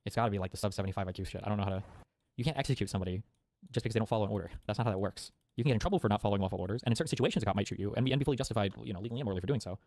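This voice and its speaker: A man's voice: lowish voice, racing, darkish tone, no room sound. A man live-streaming, arguing with his chat in a profane, argumentative way while thinking aloud. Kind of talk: live reaction commentary.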